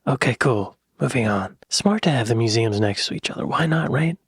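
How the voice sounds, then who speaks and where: A man hosting a reaction video. He talks in a playful, joking way and often drops into soft whispered asides. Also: medium pitch, expressive, brisk. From United States. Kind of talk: casual reaction commentary.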